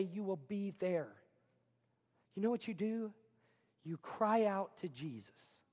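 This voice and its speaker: A pastor preaches a sermon in a conversational way, frequently asking the congregation questions and acting out quotes. His voice sits high with a darkish tone, and hall reverb surrounds it.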